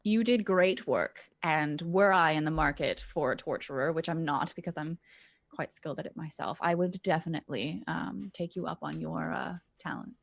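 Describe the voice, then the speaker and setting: A woman playing a tabletop game who speaks in a dry, deliberate, polite way. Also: low-pitched, vocal fry, dry recording. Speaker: player.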